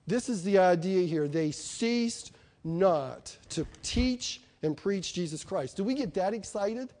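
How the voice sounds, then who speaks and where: Speaking slowly, a middle-aged preacher addresses his congregation with emphatic, conversational delivery and lots of questions for the listeners. His fairly high, mellow voice carries a lively intonation.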